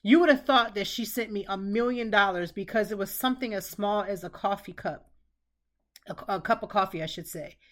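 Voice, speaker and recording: A woman's voice: mid-range voice, fairly quick, a bit bright. A middle-aged woman hosting a podcast, giving casual advice in an earnest way and repeating phrases for emphasis. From Pennsylvania, United States. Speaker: podcast host.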